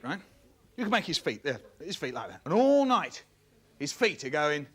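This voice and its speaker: A man telling comic stories in a theatrical, animated way, acting things out as he goes. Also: on the high side, normal speed, over loud music. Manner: theatrical, swooping, acts out voices. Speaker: storyteller. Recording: loud noisy recording.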